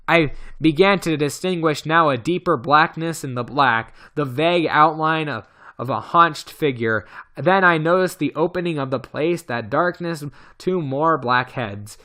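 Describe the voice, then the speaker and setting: A man narrating a novel in an amateur audiobook reading. His voice sits somewhat high and sounds bright and tense. He often trips over a word and starts it again. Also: unhurried. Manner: stumbles and restarts words. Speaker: audiobook reader.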